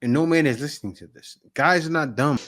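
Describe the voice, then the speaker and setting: A man's voice: a little high, a little fast, fairly bright tone. A man hosting a reaction video, giving blunt, dismissive casual commentary on clips he plays.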